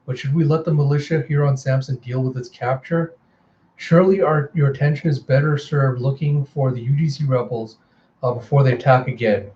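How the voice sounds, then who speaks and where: A man voicing a scheming, deferential military general in a smooth, servile way. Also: mid-range voice, steady tone, brisk, dark tone, roomy sound, lo-fi sound, a little hiss or hum, natural voice.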